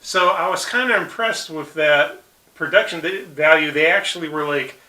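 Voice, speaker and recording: A man co-hosts a casual review show, laughing often and popping into a high voice for quotes. His voice is very bright and a touch high. He sits a little off the mic in an echoey room. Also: normal speed, far from the mic. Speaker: podcast co-host. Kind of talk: casual episode review chat.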